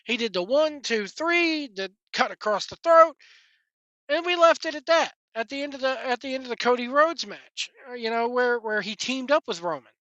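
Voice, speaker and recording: A woman's voice: fairly high pitch, lively intonation, moderate pace, fairly bright tone, no room sound, muffled recording. A woman giving a rambling, exasperated opinion rant as a wrestling podcaster, often repeating words as she goes.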